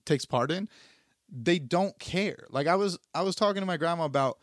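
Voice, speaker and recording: A man's voice: fairly high pitch, normal speed, no room sound, clean studio sound. A young man co-hosting a podcast, talking politics in a rambling, profane, repetitive way. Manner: profane, rambling, repeats himself. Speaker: podcast co-host. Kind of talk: casual political chat.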